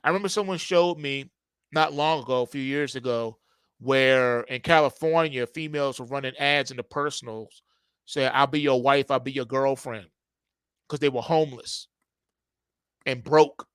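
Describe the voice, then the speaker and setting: A man's voice: a little high, sharp tone, no echo. A man giving a casual commentary monologue in an emphatic, repetitive way. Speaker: market commentator.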